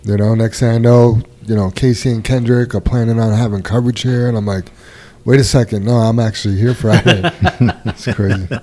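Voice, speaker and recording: A man's voice: fairly low pitch, brisk. A man hosting a casual workplace podcast, reading out new hires, anniversaries and birthdays. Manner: relaxed, reads names and shout-outs. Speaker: podcast host reading announcements.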